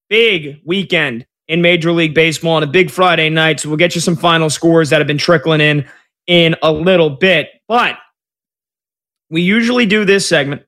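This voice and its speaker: A man's voice: fairly high pitch, fairly bright tone. A man hosting a sports radio show, chatting energetically and joking with his producers.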